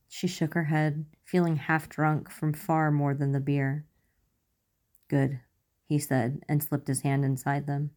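A woman narrating romance fan fiction aloud in a measured, soft storytelling manner. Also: low voice, little pitch movement.

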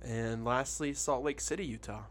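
Montana-accented male co-host, middle pitch, dry teasing humor. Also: normal speed. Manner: deadpan teasing. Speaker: podcast co-host. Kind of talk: casual chat.

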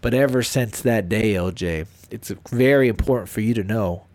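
A man's voice: fairly low pitch, normal speed, no echo. A man, telling a spooky childhood story in casual, profanity-heavy chat and acting out the voices of the people in it. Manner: animated, profane, acts out voices.

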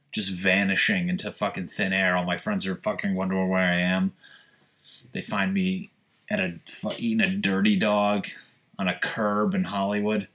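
A young man talks alone into his podcast mic at home, his voice sitting a little low. He rambles from one thing to the next with swearing and jokes. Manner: loud, profane, rambling and joking. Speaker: podcast host. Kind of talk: casual solo podcast rant. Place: home, seated on a squeaky chair.

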